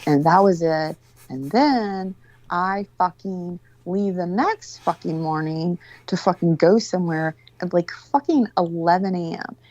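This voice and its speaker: A woman's voice: lowish voice, measured pace, a little mellow, no echo. A woman telling a story in casual chat, rambling, exasperated and full of swearing.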